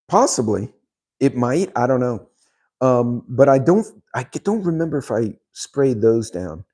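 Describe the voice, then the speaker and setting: Middle-aged guy rambling thru viewer comments, lots of ums and laughing, dark mellow voice. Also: mid-range voice, expressive, normal speed. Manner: rambling storyteller, laughs often, many ums. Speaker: channel host. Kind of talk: casual chat reading viewer comments.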